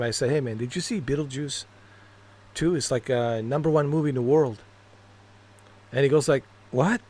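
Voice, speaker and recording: A man's voice: medium pitch, a little mellow. A man streaming games, telling rambling stories in casual chat, laughing at his own jokes and cursing freely. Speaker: gaming streamer.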